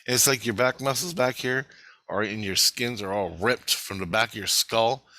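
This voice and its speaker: A man's voice: mid-range voice, moderate pace, pushed and bright, no echo. Agitated, foul-mouthed middle-aged man. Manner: agitated, heavy swearing, rambling. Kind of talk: casual monologue vlog.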